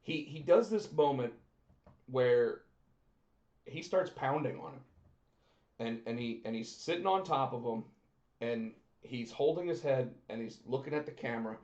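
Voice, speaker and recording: A man co-hosting a casual chat podcast, lively and animated, often acting out what others said in quick bursts. His voice sits in a middle range and sounds dull and lo-fi, recorded in a roomy, echoey space. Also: medium pitch. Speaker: podcast co-host.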